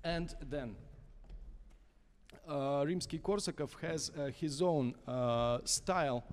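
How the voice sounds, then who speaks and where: A man who is a conductor, with a Russian accent and Russian as his first language, coaching an opera singer in a masterclass in halting English full of fillers. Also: fairly high pitch. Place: small concert hall. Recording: reverberant concert hall.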